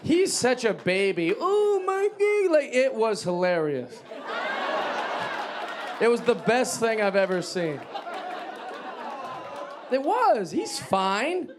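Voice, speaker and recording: A man doing a stand-up set, animated and mocking, with a live audience behind him. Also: sits high, takes it slowly, long pauses. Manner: animated, mocking impressions of a friend. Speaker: comedian. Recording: live club with loud crowd noise.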